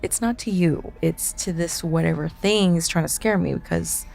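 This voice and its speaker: Gravelly-voiced woman telling a story. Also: lowish voice, normal speed, soft background music. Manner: animated, acts out quotes, swears. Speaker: guest. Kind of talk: casual storytelling.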